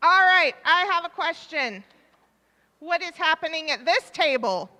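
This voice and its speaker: A woman leading a children's time in a church service, asking the children questions and warmly repeating their answers, speaking into a microphone in the sanctuary. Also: very high-pitched, expressive, a little slow. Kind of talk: interactive children's talk with questions. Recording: reverberant church hall.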